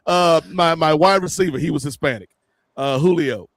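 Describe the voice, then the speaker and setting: Podcast host, man, slightly high voice, dry sound, lively comic storyteller. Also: moderate pace, no echo. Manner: animated, joking, addresses co-hosts by name. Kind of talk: casual comedic storytelling.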